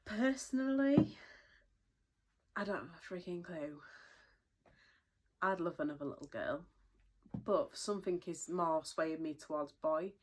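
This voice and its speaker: Breathless chatty British woman, low voice. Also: expressive, unhurried, pauses often. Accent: British English. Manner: chatty, rambling, many fillers. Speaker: vlogger. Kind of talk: casual pregnancy update.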